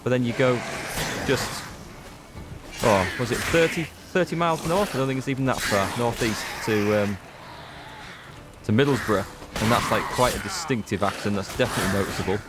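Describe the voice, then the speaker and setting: A let's play gamer from North Yorkshire, England, speaks with a North Yorkshire English accent at medium pitch and a moderate pace. He rambles casually while playing and talking to his viewers in gameplay commentary, and the recording is very noisy.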